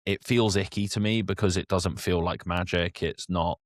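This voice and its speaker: Man, very low voice, dry recording, opinionated casual podcast talk. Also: fairly even intonation, moderate pace, dry recording. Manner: opinionated, conversational. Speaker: podcast co-host.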